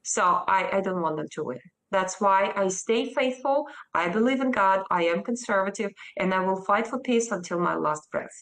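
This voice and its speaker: A woman's voice: mid-range voice, lively intonation, moderate pace, few pauses, rough recording. A woman from Russia, a native Russian speaker with a Russian accent, answering a news interviewer in an earnest, emphatic and defiant way. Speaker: interview guest.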